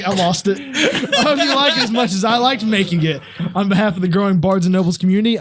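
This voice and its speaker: A man's voice: sits high, a little mellow, slight background noise, close to an everyday voice. A man putting on a mock Canadian accent to read a cheery fan letter, laughing as he goes. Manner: giggly, breaking into laughter mid-letter.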